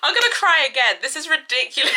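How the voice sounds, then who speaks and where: Woman vlogger, bright and animated, quick to exclaim. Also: extremely high pitch. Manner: excitable, exclamatory. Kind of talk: reaction vlog.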